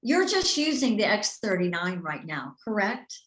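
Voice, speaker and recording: A woman hosting a live-streamed interview, cutting in quickly to pass on viewers' questions. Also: mid-range voice, sing-song, a bit bright, echoey room. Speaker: host.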